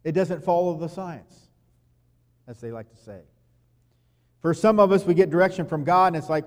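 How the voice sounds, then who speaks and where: A man with a somewhat high voice preaches a sermon in a loose, conversational way. He drops into quiet asides and acts out little quoted lines. The recording carries a long, ringing hall reverb. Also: normal speed, long pauses. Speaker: pastor.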